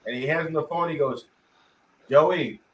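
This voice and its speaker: A young man on a podcast, telling a story with animated, acted-out quotes and talking over his co-host. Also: a little high, quick pace, echoey room, far from the mic, a little hiss or hum, poor audio. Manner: animated, talks over others, acts out quotes.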